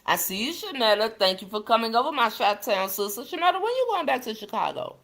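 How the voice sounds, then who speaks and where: A woman's voice: fairly high pitch, big pitch swings, quick pace, a bit bright. A woman talks through a casual livestream. She chats freely with her viewers, greeting them by name and calling them sister and baby as she reads the comments. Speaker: livestream host.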